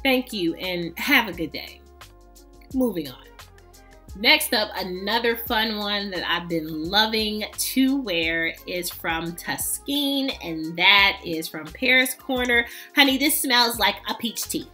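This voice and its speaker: A woman's voice: medium pitch, animated, takes it slowly, hardly any pauses, pushed and bright, faint music behind. A woman reviewing fragrances in a casual vlog, chatty and emphatic with playful, sassy asides.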